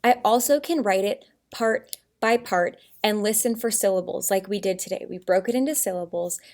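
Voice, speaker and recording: A woman teaching a first grade writing lesson, upbeat and encouraging, calling the children friends and sounding words out slowly syllable by syllable. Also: mid-range voice, a little mellow.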